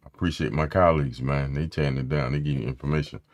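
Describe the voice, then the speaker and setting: A man's voice: a bass voice, fairly even intonation, fast. A man hosting a casual tech live stream, loose and slangy, greeting his chat by name. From Philadelphia area.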